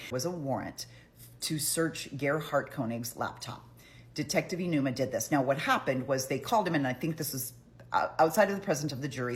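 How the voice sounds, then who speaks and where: A middle-aged woman giving a chatty, opinionated trial recap, often acting out what people said. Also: low-pitched. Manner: chatty, opinionated, acts out quotes. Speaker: trial commentary vlogger. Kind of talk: casual trial recap commentary.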